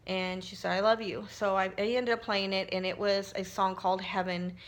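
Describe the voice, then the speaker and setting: A middle-aged woman speaks in a casual vlog while she works on a craft project. She tells her story in a heartfelt, emotional way, often restarting sentences. Her voice sits at an ordinary pitch for a woman. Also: level tone, moderate pace. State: tearful at times. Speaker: crafting vlogger.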